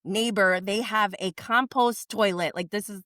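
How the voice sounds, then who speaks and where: A woman's voice: medium pitch, measured pace, bright, forceful tone, no echo, studio quality. Woman retelling a tv episode, chatty, lots of likes, mid voice. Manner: chatty storyteller, many likes. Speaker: podcast guest. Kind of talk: casual chat recapping reality TV.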